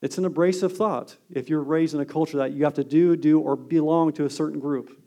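High-voiced man preaching a sermon. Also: steady tone, a little fast. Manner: earnest preaching, swings from emphatic to hushed. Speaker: pastor.

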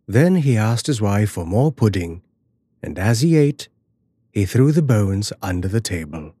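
A man giving a measured, dramatic scripted narration of a horror fairy tale. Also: lowish voice, sing-song, dark tone, slightly rough, no room sound.

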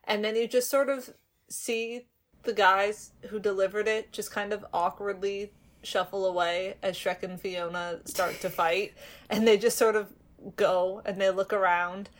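A woman's voice: medium pitch, steady tone, unhurried. A woman chatting casually about small film details she enjoyed. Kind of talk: casual chat.

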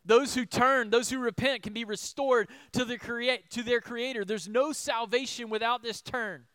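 A man preaching a sermon as pastor, asking rhetorical questions and swinging between loud emphasis and soft asides. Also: very high voice, fairly even intonation, moderate pace, clean tone, no room sound.

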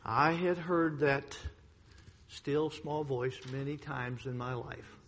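A man preaching a sermon to a congregation, telling a personal story emphatically, swinging between loud outbursts and hushed lines. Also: medium pitch, little pitch movement, takes it slowly, slight background noise. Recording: long hall reverb.

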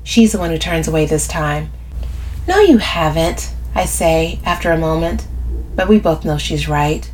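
A woman narrates a first-person novel as an audiobook. Her voice is fairly low, and she tells the story expressively. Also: steady tone, normal speed, darkish tone, a little hiss or hum.

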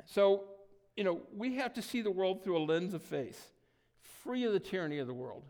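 A man preaching a sermon in a conversational way, often pausing with "um" and checking in with "right?". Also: high-pitched, expressive, a little mellow. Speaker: pastor.

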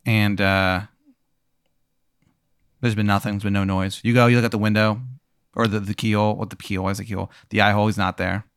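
A man's voice: fairly low pitch, flat delivery, quick pace, long pauses, a bit bright, clear, resonant tone, no room sound, studio quality. A man hosting, improvising a strange hypothetical story for a guest, rambling with lots of "like" and "uh" and casual swearing. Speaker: host running a hypothetical scenario.

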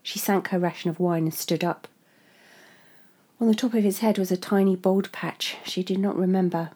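Woman, story narrator, measured reading, lowish voice, warm mellow tone. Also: steady tone.

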